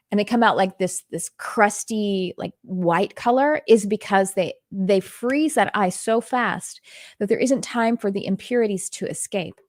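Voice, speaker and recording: Speaking with a medium, darkish voice, this middle-aged spiritual teacher from Texas offers intuitive readings on a relaxed live stream. She rambles in an earnest way, often restarting and filling gaps with fillers. There's no echo, and the audio has clean studio quality.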